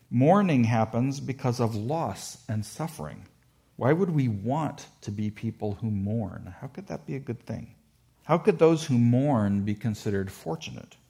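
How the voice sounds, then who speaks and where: A man teaching on the Bible in a measured, explanatory lecture, slowing down to stress quoted verses. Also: medium pitch, creaky, a little mellow, slightly rough.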